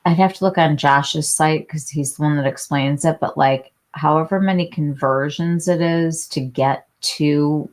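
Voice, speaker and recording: A woman's voice: low-pitched, fairly even intonation, a little slow, few pauses, a little mellow. A woman hosting a casual beauty livestream, chatting with viewers, answering them by name with lots of fillers and restarts. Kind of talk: casual live chat reading viewer comments.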